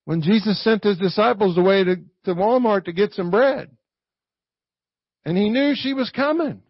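A man's voice: high-pitched, normal speed, husky, no room sound, muffled recording. A man preaching a conversational sermon in a folksy way, often checking in with a rhetorical "right?". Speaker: pastor.

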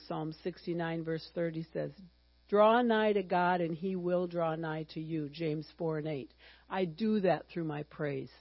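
A woman's voice: mid-range voice, no room sound, lo-fi sound. Chatty woman in her sixties teaching a Bible lesson. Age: 60s. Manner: chatty and humorous, bursting into excited exclamations.

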